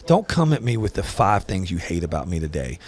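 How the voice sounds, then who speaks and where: A man's voice: sits low, big pitch swings, a little fast, slightly rough. A middle-aged man hosting a podcast, chatting casually and bluntly, joking and swearing as he tells stories about his kids. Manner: blunt, jokey, swears, tells family anecdotes. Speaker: podcast host. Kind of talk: casual interview chat.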